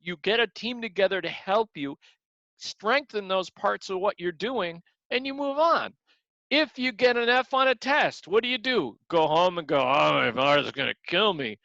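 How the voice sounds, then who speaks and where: A martial arts teacher motivates his class earnestly, acting out examples and repeating his words. His high-sitting voice is expressive, pushed and bright at a moderate pace, and the dry recording has a dull lo-fi quality.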